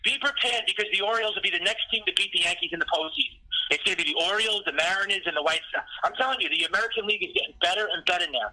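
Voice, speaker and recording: A man vents in a fast, high, very bright voice, piling one complaint on top of another. His sound comes through a thin phone-line connection. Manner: ranting, repetitive, venting loudly. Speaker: podcast co-host. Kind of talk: heated sports talk.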